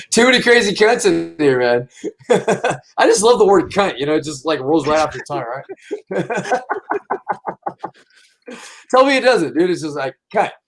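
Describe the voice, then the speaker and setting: A man hosting a loose livestream chat, his voice sitting a bit high for a man. He rambles excitably and swears in almost every sentence. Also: slow, long pauses. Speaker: livestream host.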